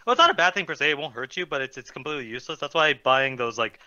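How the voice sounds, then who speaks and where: A man's voice: mid-range voice, lively intonation, racing, sharp tone, no room sound. A man co-hosting a casual gaming podcast, ranting sarcastically and swearing. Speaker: podcast co-host. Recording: dull dry lo-fi mic.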